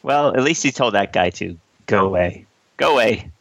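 A man co-hosting a casual talk show, cracking quick jokes and laughing often. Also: fairly low pitch, animated, no echo. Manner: quick wisecracks, frequent laughter. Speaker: podcast co-host. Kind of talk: casual chat.

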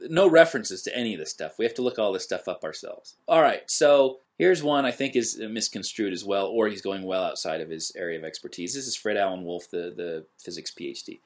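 A man co-hosts in casual, skeptical chat and debunks claims with a dry, sardonic edge. His voice is lively and animated, swinging up and down. He often stops and restarts with ums and uhs. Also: fairly low pitch. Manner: sardonic, debunking, halting with fillers. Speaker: podcast co-host.

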